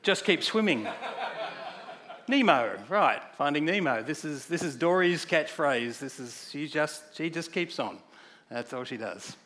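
A man's voice: a little high, expressive, a little slow, a bit bright. A man preaching a sermon in a conversational way, putting questions to the congregation.

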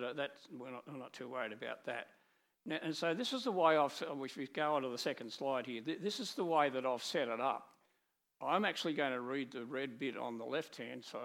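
A middle-aged man preaching with slides, talking in a lively way with many restarts and acted quotes. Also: medium pitch, creaky. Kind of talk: sermon with slides.

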